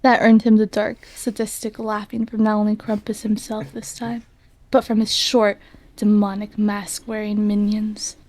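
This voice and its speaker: A woman reads fan fiction aloud on a live stream, dramatic one moment and giggling at her own stumbles the next. She has a medium-pitched voice and keeps a light, teasing tone throughout. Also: monotone, moderate pace, a little mellow. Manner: giggly, stumbles over words. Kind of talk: comic dramatic reading.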